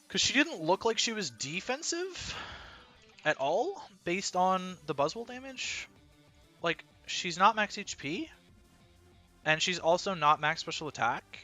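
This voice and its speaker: A man narrates his own competitive battle in real time, working through each decision aloud. His voice is bright and swings widely in pitch, jumping up in disbelief when something surprises him. Faint music runs quietly underneath. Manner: analytical, thinking aloud, incredulous bursts. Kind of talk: live gameplay commentary.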